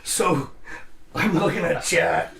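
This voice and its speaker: A man with a raised, gravelly voice tells a profane war story in casual chat. He swears freely and acts out the people he quotes. He sounds like he's in a roomy, echoing space. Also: a little high, takes it slowly, a bit bright. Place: live show room.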